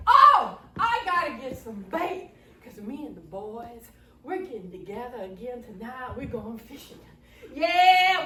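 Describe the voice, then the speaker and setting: Woman doing an excitable sheriff. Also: very high-pitched, pitched below the performer's own voice. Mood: overjoyed. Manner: rambling, bursts into excited shouts. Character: excitable Cajun male sheriff, chatty. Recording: roomy hall, mic far off, noisy.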